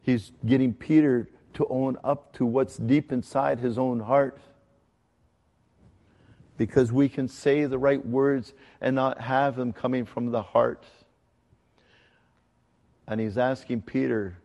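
Gravelly-voiced man preaching in a reverberant hall. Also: mid-range voice, steady tone, dark tone, highs cut off. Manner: conversational, earnest teaching with emphatic slow stresses. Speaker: pastor. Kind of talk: sermon.

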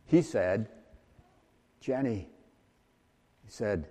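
A man preaching a sermon, talking slowly and haltingly with frequent restarts and fillers. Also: on the low side, animated, dark tone, slightly rough, big-room sound. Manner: slow, halting delivery with many restarts and fillers. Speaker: pastor.

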